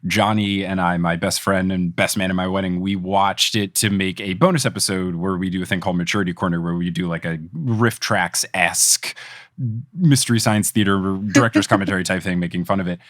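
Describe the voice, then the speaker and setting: A young adult man from New Jersey hosting a podcast, chatting casually, animated, laughing often and jumping into high put-on voices. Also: brisk, no room sound, studio quality. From New Jersey, USA. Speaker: podcast host. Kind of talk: casual chat.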